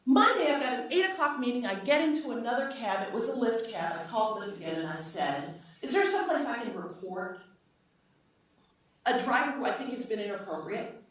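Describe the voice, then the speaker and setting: Middle-aged woman lecturer, higher voice, animated storyteller, recorded from afar in a reverberant hall. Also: normal speed. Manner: animated storyteller, acts out quoted dialogue, frequent "right?". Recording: echoey hall, voice from far off.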